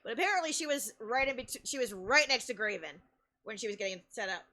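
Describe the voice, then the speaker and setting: A woman streamer telling stories in a casual, animated way, laughing often and restarting her sentences. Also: on the high side, fast talker. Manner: chatty, with many restarts and fillers. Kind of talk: casual live-stream storytelling.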